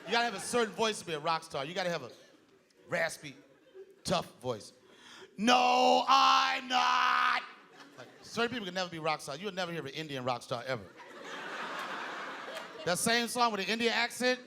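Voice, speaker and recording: A man performing a stand-up comedy set on stage, animated, shouting his punchlines and slipping into voices. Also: high voice, brisk, pauses often, background noise. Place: comedy stage before a live audience. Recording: live club with loud crowd laughter.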